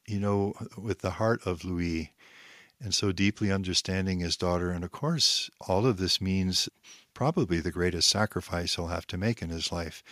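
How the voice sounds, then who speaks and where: A man with a very low voice reads a devotional text aloud and stops often to explain it, leaning on key phrases in a measured, reflective way. The sound is dry and close, with no room echo. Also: fairly bright tone. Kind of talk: reading a text aloud with commentary.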